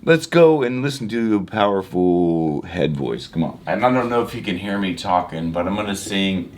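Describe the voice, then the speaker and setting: A man's voice: deep voice, animated, normal speed, a little mellow, a little hiss or hum. A middle-aged man teaching singing in a casual, conversational way, now and then demonstrating tones and moving about the room. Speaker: vocal mentor. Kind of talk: casual vocal lesson to camera.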